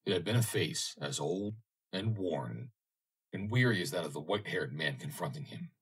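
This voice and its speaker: A man reading an audiobook, narrating in a measured, expressive way. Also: low voice, breathy edge.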